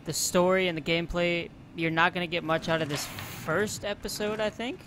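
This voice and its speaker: Brief: a joking, self-deprecating male gamer, slightly high voice, noise underneath. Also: fairly even intonation, moderate pace. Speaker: let's play host. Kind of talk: casual gameplay commentary.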